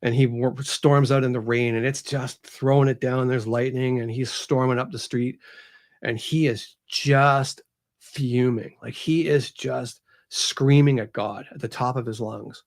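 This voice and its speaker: Animated man retelling his story. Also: mid-range voice, unhurried. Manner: animated, acts out scenes, many fillers like "you know". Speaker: author, interview guest. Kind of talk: casual storytelling in an interview.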